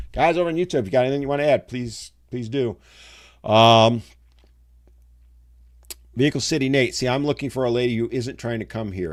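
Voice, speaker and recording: Middle-aged male host, low-ish voice, casual rambling live-chat delivery. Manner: rambling, conversational, with side stories and asides. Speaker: live show host reading viewer chat.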